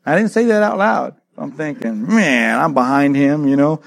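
A middle-aged man preaching, telling a childhood story with lively acted-out voices. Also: fairly high pitch, unhurried, creaky, pauses often. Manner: animated storyteller, acts out voices, laughs often. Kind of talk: sermon with a personal story.

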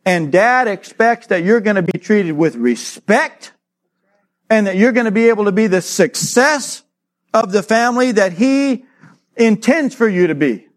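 A middle-aged man preaching, telling a childhood story with lively acted-out voices. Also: high-pitched, unhurried. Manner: animated storyteller, acts out voices, laughs often. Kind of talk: sermon with a personal story.

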